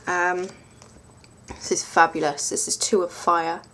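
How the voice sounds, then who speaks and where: Woman, tarot reviewer, lowish voice, chatty and rambling, full of ums. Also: little pitch movement, unhurried, bright, forceful tone, slight background noise. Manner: chatty and rambling, self-mocking, many ums. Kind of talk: casual vlog review.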